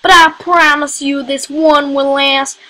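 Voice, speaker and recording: A lonely rancher fellow with a drawling Texan twang, as a woman puts him on while reading a game letter. The voice sits high and ringing, with a folksy, homespun lilt. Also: fairly even intonation, a little slow, bright, forceful tone. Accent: put-on Texan.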